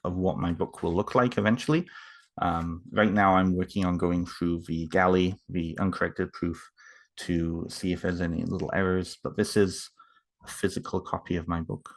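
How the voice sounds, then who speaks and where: Deep-voiced man, halting casual vlog. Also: steady tone. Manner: halting, many fillers and restarts. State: emotional, moved. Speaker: author unboxing books. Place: home.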